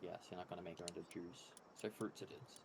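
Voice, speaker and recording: A man's voice: low voice, steady tone, quick pace, gravelly, crowd noise. A man streaming a game with his wife, laid-back and joking, laughing often. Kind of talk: casual gameplay chat.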